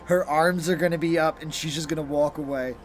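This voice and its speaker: A male game master narrates a tabletop session with a slightly raised voice. He stumbles and restarts as he goes, over clearly audible music. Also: fairly high pitch, steady tone, brisk. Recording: background music.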